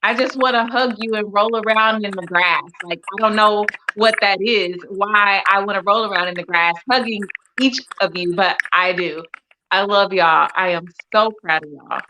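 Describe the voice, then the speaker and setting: A woman's voice: medium pitch, moderate pace, background noise. A woman guest artist speaking on a video call, effusive and emotional, repeating words for emphasis. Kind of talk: casual panel chat.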